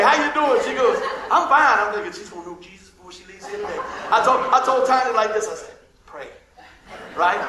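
A male pastor telling a lively story in a sermon, acting out the dialogue and laughing often. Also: high-pitched, roomy sound, slight background noise, poor audio.

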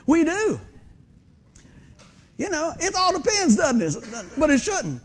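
A man preaches from a church stage. His voice sits high for a man and stays animated and folksy. He keeps asking the congregation questions as he talks. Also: normal speed, pauses often. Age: 50s. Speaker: pastor. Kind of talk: sermon. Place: church sanctuary under stage lights.

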